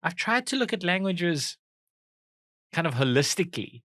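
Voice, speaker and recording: This is a South African man in his thirties, co-hosting a comedic chat show. His voice is bright and ringing, and he keeps things loose with playful, self-mocking jokes. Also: sits high, moderate pace, no room sound. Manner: joking, animated, self-mocking asides. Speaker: podcast co-host.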